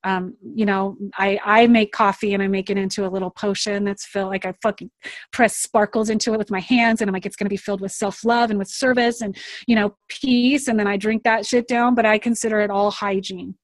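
A woman's voice: mid-range voice, little pitch movement, fairly quick, dry recording. A woman talking as an interview guest, candid and casual, swearing freely and laughing often. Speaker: guest, author of a card deck.

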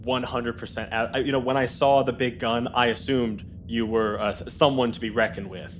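A man role-plays an overly polite, apologetic service worker in a tabletop game. His voice is mid-pitched. The recording sounds a bit dull, with faint noise. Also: fairly even intonation, a little fast. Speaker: player. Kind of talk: in-character tabletop role-play.

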